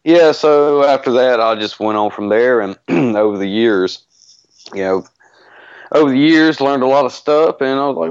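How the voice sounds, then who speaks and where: A man with a deep Southern US accent, a radio guest telling stories in an easygoing, rambling way. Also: lively intonation, moderate pace, clear, resonant tone, no echo, dull audio. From Mississippi, American South. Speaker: guest, paranormal investigator. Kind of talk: casual radio interview.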